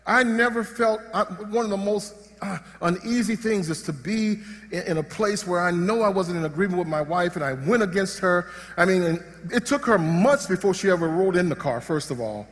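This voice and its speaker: High-voiced male pastor in a reverberant hall. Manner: animated and joking, with frequent restarts. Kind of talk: sermon.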